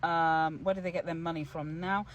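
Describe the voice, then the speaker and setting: A young man, an actor and playwright, talking casually through his character's creation in an animated, chatty way, with many fillers and restarts. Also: a little high, moderate pace, slight background noise.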